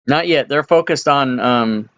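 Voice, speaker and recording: A man running a tabletop game as dungeon master, explaining slowly with frequent hesitations. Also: medium pitch, a bit bright, lo-fi sound. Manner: unhurried, hesitant with many ums.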